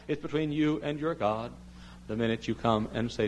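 A man preaching a sermon as pastor, pleading loudly and then dropping low and quiet. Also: a little fast, rough recording. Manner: impassioned preaching, swinging from loud high pleading to low quiet tones.

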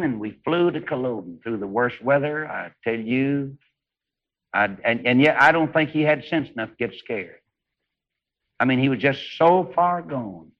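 A man preaching a revival sermon, swinging between hushed storytelling and high, shouted exclamations. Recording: dull lo-fi old sermon recording.

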